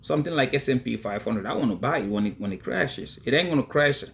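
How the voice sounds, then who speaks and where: A man's voice: mid-range voice, animated, fast, gravelly, a bit bright. A man talking casually to his viewers, emphatic and chatty, often breaking into laughter. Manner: emphatic, addresses viewers directly. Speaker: crypto investing vlogger. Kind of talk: casual talk to camera.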